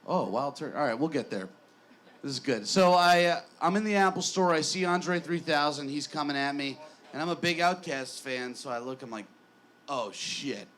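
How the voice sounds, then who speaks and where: A man's voice: a little high, brisk, a bit bright. A man in his twenties doing a stand-up set in a small bar, rambling and self-deprecating with stammered restarts. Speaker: stand-up comedian.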